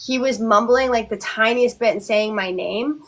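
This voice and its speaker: A woman's voice: on the high side, normal speed. Young woman host, chatty storyteller, filler-heavy casual talk. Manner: chatty, lots of likes and ums, restarts. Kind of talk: casual live chat, storytelling.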